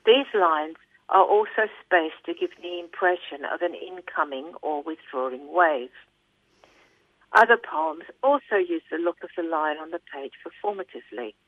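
A book reviewer reading a scripted review aloud in a measured, deliberate way. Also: mid-range voice, very animated, no echo. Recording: tinny phone-like line, dry.

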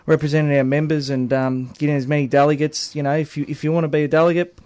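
A man's voice: on the high side, flat delivery, fast talker, a little mellow, no room sound. An Australian man working as a union organiser, talking casually and leaning on fillers like "obviously" and "at the end of the day". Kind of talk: casual podcast chat.

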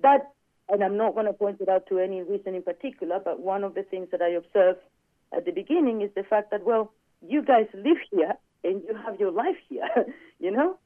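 A man with a high voice tells a personal story in casual chat and animatedly acts out the quoted dialogue. The sound is dry, thin and phone-like. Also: brisk, no echo. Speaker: guest.

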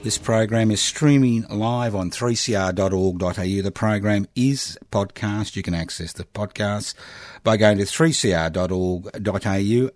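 An Australian man hosting a community radio talk show, giving sardonic political commentary with chuckles and emphatic pauses. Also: on the low side, dry recording, clean studio sound. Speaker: radio host.

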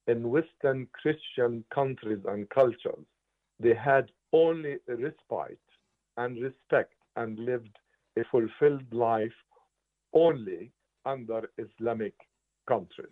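A man in his eighties from Palestine, giving earnest, emphatic interview answers and repeating words for stress. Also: mid-range voice. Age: 80s. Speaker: interviewed writer and political analyst. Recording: tinny phone-line audio.

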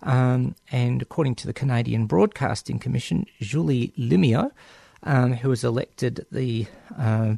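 Australian male community radio host, casual and halting with lots of ums, gravelly tone at an average pitch. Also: warm tone, dry recording, clean studio sound. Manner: hesitant, many ums and restarts.

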